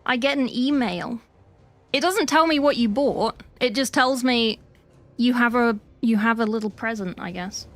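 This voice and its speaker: A British woman livestreaming as she paints miniatures, chatting casually and reading chat messages with sweary, deadpan joking asides. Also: a little high, normal speed, faint music behind.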